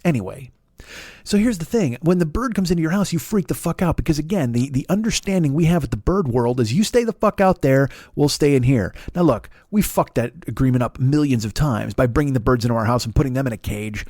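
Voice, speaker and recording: A middle-aged man doing a rambling, profane comedy monologue as a podcast host, full of restarts and animated rants. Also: mid-range voice, brisk, no echo, clean studio sound.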